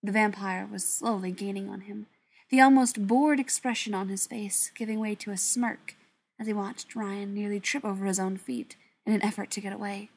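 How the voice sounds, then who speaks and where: A woman reading a story aloud as narrator, in an even, steady storytelling manner. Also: mid-range voice, moderate pace. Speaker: audiobook narrator. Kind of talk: scripted narration.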